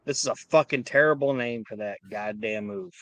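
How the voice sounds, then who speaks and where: A man's voice: medium pitch, normal speed, a bit bright, no echo. A man co-hosting a casual podcast, blunt and profane. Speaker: podcast co-host. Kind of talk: casual chat.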